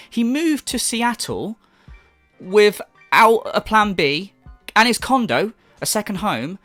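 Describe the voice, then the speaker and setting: A man's voice: high voice, fairly bright tone, no room sound. A man hosting a commentary channel, delivering an exasperated, profane rant full of mockery. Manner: exasperated, sweary, mocking.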